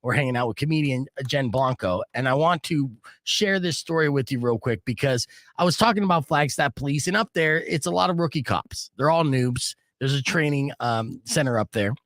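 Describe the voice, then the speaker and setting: Male radio host, lively swinging pitch, brash storytelling, dry studio sound. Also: normal speed, hardly any pauses, no room sound. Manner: animated, brash, swearing freely. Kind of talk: casual on-air storytelling. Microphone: studio mic.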